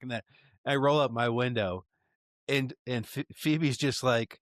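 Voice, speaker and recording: A man's voice: mid-range voice, moderate pace, no room sound, clean studio sound. A man co-hosting a podcast, telling a profane story in casual chat. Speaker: podcast co-host.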